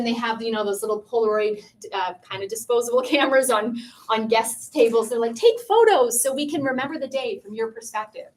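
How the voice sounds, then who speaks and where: A woman from Canada speaks to a room of students in a fairly high voice, lively and chatty as she puts questions to her listeners. A faint hum of room noise sits under her words. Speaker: pro-life speaker. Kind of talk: lecture to a student audience. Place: room with a piano and a live audience.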